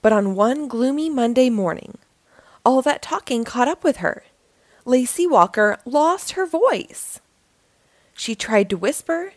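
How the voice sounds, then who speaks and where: A woman hosting a storytime, reading a children's book aloud in a lively, expressive way. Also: sits high, unhurried, dry recording. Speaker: storytime host.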